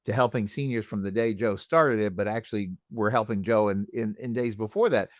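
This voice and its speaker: A man's voice: lowish voice, a little fast, dry recording, clean studio sound. A man hosting a radio show, from the United States, talking in a chatty, enthusiastic way. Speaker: radio host. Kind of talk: casual radio interview.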